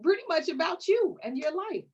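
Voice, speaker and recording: A woman's voice: very high voice, very animated, normal speed, a little mellow, dull audio. A woman hosting a live online panel, playful and sassy, often calling people honey. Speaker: host. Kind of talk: lively hosted panel talk.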